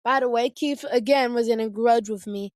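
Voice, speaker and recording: A woman's voice: a little high, moderate pace, dry recording, studio quality. A woman vlogger casually telling family stories, chatty and slangy, often circling back to her point. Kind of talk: casual storytelling to camera.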